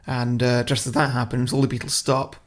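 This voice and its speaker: A man co-hosting a podcast, casually pitching a silly plot in a long, rambling way and chuckling at his own ideas. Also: little pitch movement, fairly quick. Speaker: podcast co-host.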